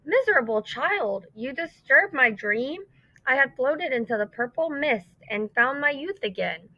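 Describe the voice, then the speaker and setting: A woman's voice: sits high, animated, a little slow, bright, forceful tone, dry recording, pitched above the performer's own voice, full character voice. A woman doing a grumpy old man. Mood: grumbling. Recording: dull lo-fi dry recording.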